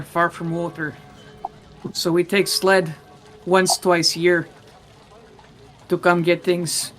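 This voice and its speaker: A man's voice: high voice, a bit bright, rough recording. A man voicing a huge burly male northern nomad trader with a put-on Russian-like accent and clipped, broken phrasing.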